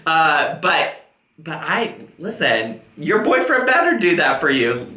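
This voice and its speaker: A man's voice: on the high side, big pitch swings, slow, bright, forceful tone, roomy sound. A man giving sarcastic, teasing reaction commentary as a YouTuber.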